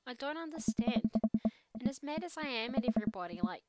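A woman voicing an upset teenage daughter in a game, venting in a rapid, gossipy way. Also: on the high side, animated, a little mellow, lightly acted. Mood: hurt.

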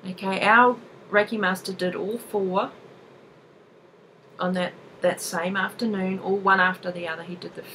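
A woman in her thirties telling a personal story to camera in a casual, expressive way, laughing often. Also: medium pitch, moderate pace, a little hiss or hum, poor audio. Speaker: vlogger sharing a personal experience.

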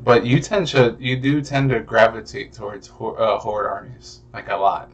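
A young man talks casually on a podcast, his voice gravelly with a fried edge. He rambles, restarts and swears freely, filling gaps with "uh" and "like.". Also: medium pitch, steady tone, moderate pace, dull audio. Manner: rambling, profane, lots of fillers. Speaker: podcast co-host. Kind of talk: casual chat.

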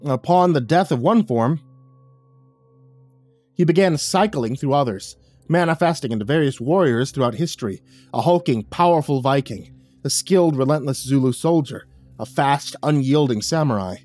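A man's voice: mid-range voice, lively intonation, normal speed, darkish tone, dry recording, soft background music. Man narrating a horror story.

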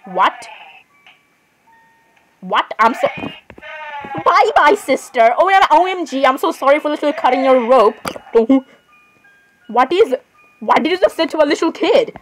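A woman's voice: sits high, expressive, measured pace, pauses often, soft background music, low-quality recording. A woman giving casual let's-play commentary on a horror game. She is chatty, giggles often, apologizes a lot and talks to the game characters. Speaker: gamer playing a horror game.

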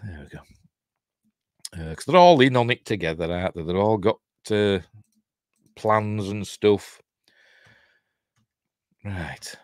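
A middle-aged host from Yorkshire, England chats casually through a film commentary with a Yorkshire accent, rambling, chuckling, and breaking off mid-thought. His voice sits low and a little mellow, captured in a dry, studio-quality recording.

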